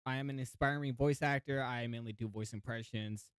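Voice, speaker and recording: A man's voice: mid-range voice, steady tone, a little fast, heavy background noise. A man chatting casually on a live stream, laid-back and laughing often as he talks. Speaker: aspiring voice actor streamer.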